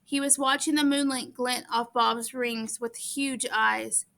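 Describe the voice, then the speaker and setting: A woman reads a novel aloud in first person, earnest and steady with the odd small stumble. Her voice is high and notably bright. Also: unhurried, creaky. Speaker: audiobook reader.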